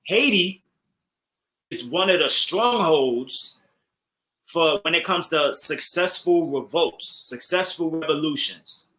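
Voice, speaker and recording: Bright, animated male co-host speaking casually and addressing the audience as family. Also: fairly high pitch, slow pace, rough recording. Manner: animated, repeats phrases, addresses listeners as family. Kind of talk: casual commentary.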